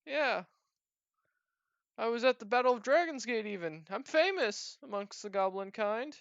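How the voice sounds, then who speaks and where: GM voicing a boastful goblin, high and bragging, nervous underneath; dull lo-fi mic. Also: animated, moderate pace, no room sound, natural voice. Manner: rambling, bragging, nervous pleading. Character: boastful cowardly male goblin mercenary.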